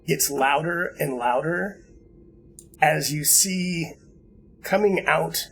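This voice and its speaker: A man narrating a tabletop game as game master, easygoing and halting, with many fillers and restarts. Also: a little high, fairly bright tone, a little hiss or hum, poor audio.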